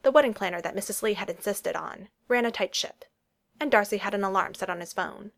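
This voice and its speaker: A woman narrating a romance story as an audiobook, in a steady, even storytelling manner. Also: medium pitch, a little fast.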